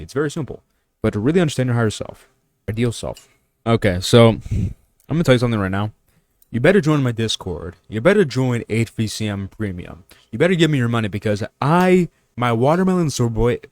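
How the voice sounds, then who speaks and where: A man's voice: fairly low pitch, darkish tone. A young man vlogging mindset and money advice in a blunt, preachy way, firing off rhetorical questions with crude asides. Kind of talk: casual talking-head monologue.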